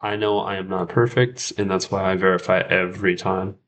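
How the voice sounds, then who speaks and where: A man's voice: deep voice, steady tone, fairly quick, a bit bright, slight background noise. A man hosting a casual livestream study session, thinking aloud and repeating words as he checks himself. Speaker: French learner and livestream host.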